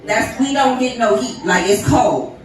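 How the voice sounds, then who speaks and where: A woman's voice: on the high side, animated, measured pace, a little hiss or hum. A woman from Ohio doing a profane stand-up set, brash and laughing at her own jokes. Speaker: stand-up comedian. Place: comedy club stage. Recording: echoey room miked from a distance. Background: laughing live crowd.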